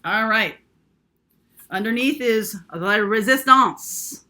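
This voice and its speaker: Bright-voiced woman reading tarot. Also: on the high side, slow pace. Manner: chatty, thinks aloud with many fillers. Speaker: tarot reader. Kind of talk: casual tarot reading to camera.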